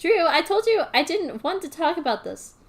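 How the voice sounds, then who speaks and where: A woman reads out a bubbly teenage girl from her own fan fiction. She pitches the girl up high and giggly, all chirpy drama. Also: sing-song, moderate pace, full character voice. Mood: annoyed. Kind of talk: reading fan fiction aloud.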